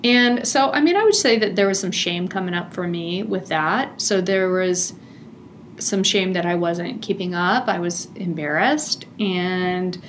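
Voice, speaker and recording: A middle-aged woman telling a personal family story in a chatty, animated way, laughing often. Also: fairly low pitch, unhurried, a little hiss or hum. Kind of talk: casual storytelling.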